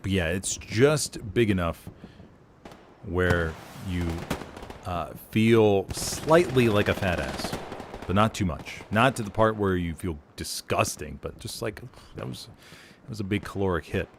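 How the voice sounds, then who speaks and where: A man casting a live game, chatting casually in rambling, relaxed asides. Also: low voice, unhurried, slight background noise. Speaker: game caster. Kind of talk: casual chat during live game commentary.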